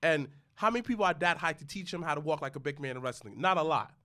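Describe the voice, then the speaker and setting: A man hosting a podcast in casual chat, slangy and excitable, riffing on wrestling. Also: a little high, fast. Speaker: podcast host.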